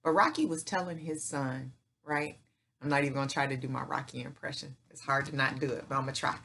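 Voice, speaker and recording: A woman's voice: extremely low pitch, steady tone, quick pace, gravelly, a bit bright, slight background noise. A middle-aged woman hosting her own channel, giving an emphatic, preacher-like motivational faith talk in folksy speech, repeating herself and checking in with "right?" and "okay?". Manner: folksy speech with "y'all" and "ain't". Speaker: channel host.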